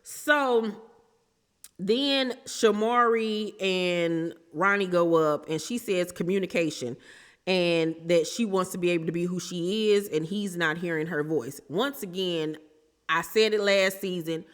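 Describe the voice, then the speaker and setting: A woman's voice: on the low side, measured pace. Woman, reality show recap vlogger, sassy blunt commentary, reverberant room. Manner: sassy, blunt, throws shade. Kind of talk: casual opinionated commentary.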